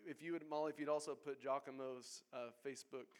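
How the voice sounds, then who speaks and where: A man's voice: mid-range voice, steady tone, a little fast, smooth. A man preaching a sermon as pastor, earnest and exhorting his congregation. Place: church sanctuary.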